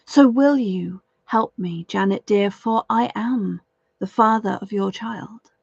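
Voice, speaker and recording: Woman doing a gallant young fairy-captive man, slow, gravelly, courtly storybook hero, dull dry recording. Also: medium pitch, no echo, heavily acted. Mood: pleading. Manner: gallant and flattering. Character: young mortal man held by fairies, charming and courtly.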